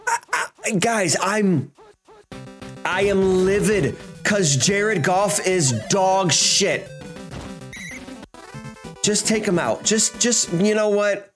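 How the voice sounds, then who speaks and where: Exasperated man, gaming commentary, constant swearing, slightly high voice, faint music behind. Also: drawn-out words, pauses often. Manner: swings between shouting and muttering. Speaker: gaming channel host. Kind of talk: profane gameplay commentary.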